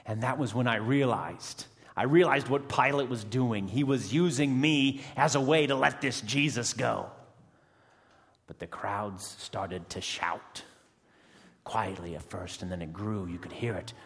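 A man playing a fierce, emotional rebel prisoner who has just been freed. He delivers a first-person dramatic monologue, swinging between hushed tones and loud outbursts with dramatic pauses. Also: mid-range voice, vocal fry. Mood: intense. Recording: long reverb of a large hall.

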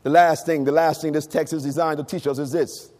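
A middle-aged male pastor preaching a sermon, breaking into shouts and sung, rising phrases. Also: a little high, fairly even intonation, brisk. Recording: long hall reverb.

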